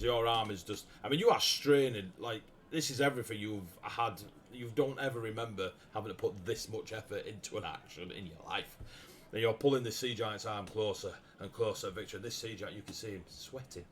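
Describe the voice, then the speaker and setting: A man running a tabletop game as game master, narrating the scene with a lively manner and frequent laughs. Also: on the low side, fairly quick. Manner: lively, laughs often, bursts into shouted character lines.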